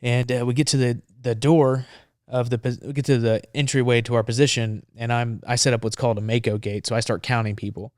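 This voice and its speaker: A man's voice: mid-range voice, flat delivery, fairly quick, hardly any pauses, darkish tone, no room sound, studio quality. A man, a former Marine, telling a story casually and animatedly on a podcast, acting out the dialogue.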